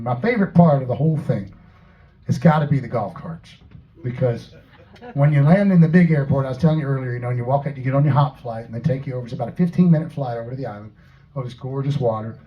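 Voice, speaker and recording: On a muffled recording, a medium-pitched Tennessee man, a singer-songwriter at a house concert, tells joking, laid-back stories as live banter between songs.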